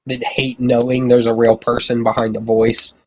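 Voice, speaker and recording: A man talks bluntly in a casual podcast chat, airing his complaints without softening them. His voice sits in a middle pitch range. The audio is dull and lo-fi, as if the top end has been muffled. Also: completely flat delivery, normal speed.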